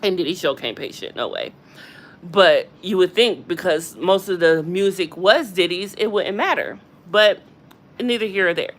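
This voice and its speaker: A woman hosting a casual gossip livestream from a hospital room, chatty and animated, often addressing her viewers directly. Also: fairly low pitch, normal speed. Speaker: gossip channel host.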